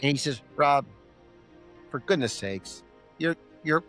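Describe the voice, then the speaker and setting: A middle-aged man, appearing as a podcast guest, tells a personal story with animation, acting out both sides of a conversation he remembers. His voice sits a little high and he takes his time, with soft music playing in the background.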